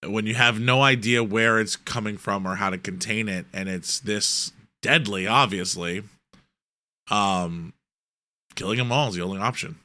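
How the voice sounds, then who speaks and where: A man's voice: on the low side, normal speed, pushed and bright. A man co-hosting a casual podcast, laying out a fan theory in a rambling way. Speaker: podcast co-host. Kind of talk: casual recap chat.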